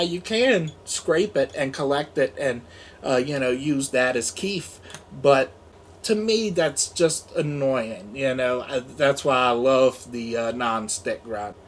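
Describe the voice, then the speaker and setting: Slow, laid-back man rambling through an unboxing. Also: mid-range voice, slight background noise. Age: 40s. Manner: laid-back, jokey, full of fillers and asides. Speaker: unboxing channel host. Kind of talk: casual rambling vlog talk.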